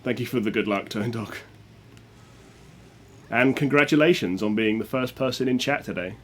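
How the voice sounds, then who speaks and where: A man's voice: medium pitch, normal speed, a bit bright, a little hiss or hum. A man streaming a speedrun, chatting and joking casually with his viewers. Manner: joking, chatty, reads chat aloud. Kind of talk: casual chat with viewers while playing.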